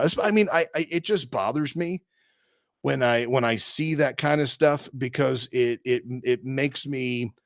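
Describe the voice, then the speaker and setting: A man's voice: medium pitch, dry recording, studio quality. A man co-hosting a casual talk show, rambling through opinions with many restarts. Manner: rambling, frequent restarts and fillers, animated. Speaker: podcast co-host.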